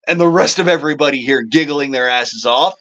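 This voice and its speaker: A man's voice: medium pitch, sharp tone, dull audio. A man ranting casually and profanely to his audience, exasperated and often laughing at himself. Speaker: show host.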